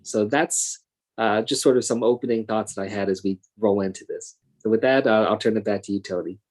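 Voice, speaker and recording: A man's voice: fairly low pitch, fairly quick, darkish tone. A man in his thirties speaking as a congressman and guest in a panel conversation, earnest and thoughtful, with frequent fillers and restarts. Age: 30s.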